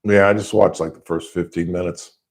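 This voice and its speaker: A man hosting a radio talk show, loud with a gravelly voice that sometimes drops low. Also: steady tone, brisk.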